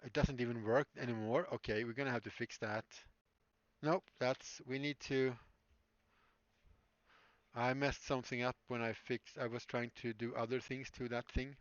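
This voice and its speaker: A man's voice: medium pitch, steady tone, moderate pace, no echo, lo-fi sound. A man streaming live as a prop maker, rambling casually and answering chat with frequent laughs. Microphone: streaming mic.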